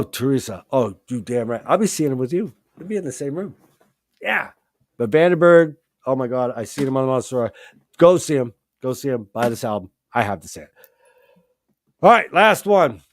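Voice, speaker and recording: A man hosting a live stream, talking excitedly about his favourite rock albums, swearing freely and often restarting his sentences. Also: mid-range voice, normal speed, pauses often. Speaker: host. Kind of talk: live-stream music chat.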